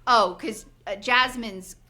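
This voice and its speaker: A woman's voice: on the high side, slow pace, pushed and bright. A woman in her forties co-hosting a podcast, chatting casually and animatedly, acting out quotes with lots of "like" fillers. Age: 40s. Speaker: podcast co-host. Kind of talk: casual recap chat.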